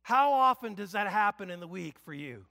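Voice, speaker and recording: A male pastor giving a conversational sermon, with emphatic bursts and loud exclamations, in a church. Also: high-pitched, lively intonation, normal speed, gravelly, big-room sound. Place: church sanctuary.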